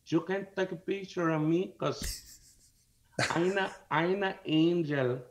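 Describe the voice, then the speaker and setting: A man voicing a dazed young woman with a Mexican accent who insists she is an angel. She speaks in a dreamy, halting, insistent way. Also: fairly low pitch, noisy background, pitched above the performer's own voice, close to an everyday voice.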